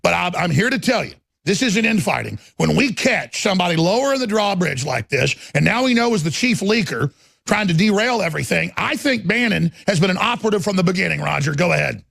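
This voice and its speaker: Angry talk radio guy, gravelly voice, high pitched, yells a lot. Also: animated, a little fast, no echo. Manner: angry, ranting, swings to shouting. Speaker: host. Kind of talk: heated political commentary.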